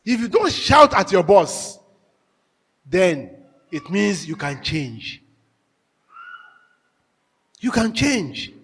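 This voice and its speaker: High-voiced man lecturing in an echoing hall. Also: extremely slow, long pauses, slightly rough. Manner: animated storyteller, emphatic repetition. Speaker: marriage workshop speaker. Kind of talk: lecture to a live audience. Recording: echoey hall with long reverb.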